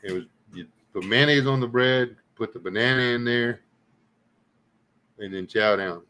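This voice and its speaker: A man's voice: medium pitch, moderate pace, pushed and bright, rough recording. A middle-aged man from Louisiana with a Southern accent, hosting a casual chat and telling rambling, folksy stories with frequent laughter. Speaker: host.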